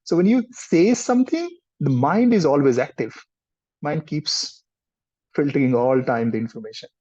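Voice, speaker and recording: A man, a counseling trainer explaining things gently in a live workshop. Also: on the high side, expressive, normal speed. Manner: gentle, explanatory, mixes in Hindi words. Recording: dull lo-fi sound.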